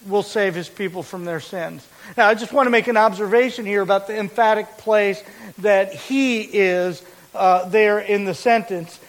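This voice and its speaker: A man preaching a sermon as pastor, explaining a verse with deliberate, emphatic repetition. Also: high voice, fairly bright tone, rough recording.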